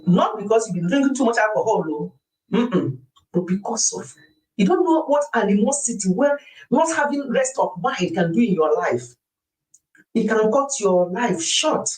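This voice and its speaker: A middle-aged woman hosting a wellness show, chatting to a group in a lively, confiding storytelling way. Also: medium pitch, moderate pace, poor audio. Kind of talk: casual chat to a group.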